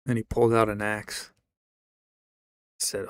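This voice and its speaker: Male streamer, slow and gravelly, profane storyteller, dry close mic. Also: medium pitch, fairly even intonation, no echo. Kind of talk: rambling comic storytelling.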